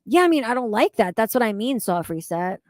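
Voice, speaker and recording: A woman's voice: a little high, big pitch swings, fairly quick, dry recording, clean studio sound. A woman streaming live, reading chat comments aloud and reacting in a blunt, profane, exasperated way.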